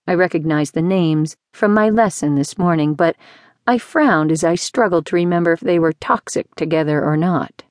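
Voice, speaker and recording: A woman reading a first-person audiobook in a measured, even storytelling manner. Her voice sits low for a woman, and the studio recording is close and dry. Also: no echo. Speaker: audiobook narrator. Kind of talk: scripted first-person narration.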